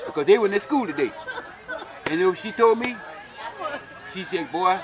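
A man's voice: high-pitched, animated, brisk, long pauses, a crowd in the background. An older man, telling stories from his childhood in a folksy manner and often asking "see?". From Alabama, US. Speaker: interviewee. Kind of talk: oral history storytelling.

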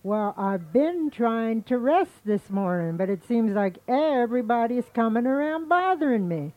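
A woman's voice: a little high, very animated, measured pace, no echo, narrow, tinny audio. A woman voicing a grumpy, sleepy male alligator in a told folktale, complaining and aggrieved.

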